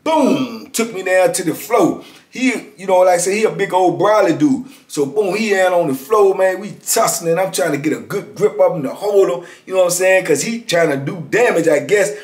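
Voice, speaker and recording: Animated middle-aged man telling prison stories. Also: high voice, normal speed, roomy sound. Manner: animated, acts out quotes, frequent "you know what I'm saying". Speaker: ex-prisoner storyteller. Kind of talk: casual prison storytelling.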